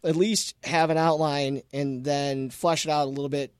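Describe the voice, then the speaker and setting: A man hosting a casual studio radio chat, talking in halting, rambling restarts. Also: a little high, fairly even intonation, smooth, dry recording. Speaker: radio show host.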